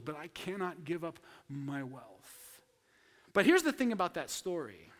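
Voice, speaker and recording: Male pastor, high voice, animated storyteller, church hall reverb. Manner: animated storytelling, acting out quotes. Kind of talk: sermon.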